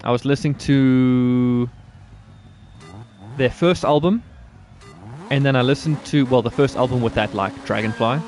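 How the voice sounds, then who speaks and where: A man's voice: mid-range voice, measured pace, pauses often, darkish tone. A man giving rambling, crude, joking commentary while he plays a racing game. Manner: rambling, jokey, crude humor. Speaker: gaming streamer. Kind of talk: casual gameplay commentary.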